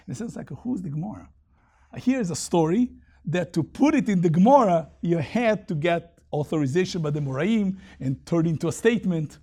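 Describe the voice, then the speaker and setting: A man leads a Talmud lesson, reading Aramaic lines and then unpacking them in English. His voice sits a little high and has a husky edge. He talks with an animated swing, climbing and dropping in pitch as he makes his points. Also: brisk. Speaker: Talmud teacher.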